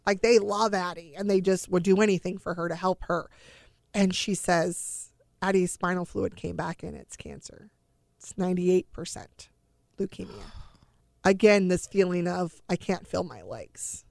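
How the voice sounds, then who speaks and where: Middle-aged woman, interview guest, low gravelly voice, earnest emotional storytelling. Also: level tone, measured pace, darkish tone, dry recording, clean studio sound. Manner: earnest, emotional retelling with quoted dialogue. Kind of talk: personal storytelling.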